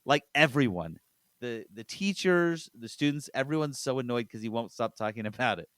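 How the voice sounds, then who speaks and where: A man's voice: mid-range voice, animated, normal speed, fairly bright tone, no room sound, studio quality. A man hosting a podcast in casual chat, chatty and laughing as he retells scenes. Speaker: podcast host.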